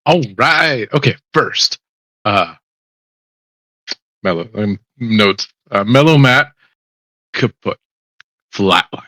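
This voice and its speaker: A man's voice: on the low side, animated, takes it slowly, long pauses, sharp tone, no room sound. A man playing in a tabletop game, describing his character's actions casually and laughing often. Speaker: player.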